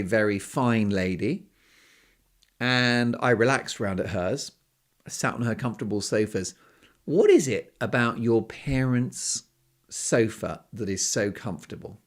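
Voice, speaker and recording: A man hosting his own podcast, telling a rambling everyday story with wry asides in a casual solo monologue. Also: mid-range voice. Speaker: podcast host.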